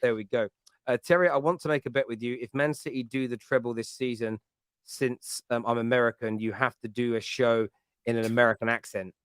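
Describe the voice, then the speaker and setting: A man's voice: mid-range voice, fairly even intonation, a little fast, clear, resonant tone, no echo, studio quality. A man, hosting a casual football chat and telling rambling, jokey stories. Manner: chatty, rambling, jokey storytelling. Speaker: podcast host.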